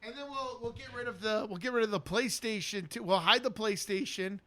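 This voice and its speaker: Co-host type, excitable guy with a high, bright voice, laughs a lot on mic. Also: a little fast. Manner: enthusiastic, laughs often, acts out quotes. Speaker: podcast co-host. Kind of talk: casual movie chat. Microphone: podcast microphone.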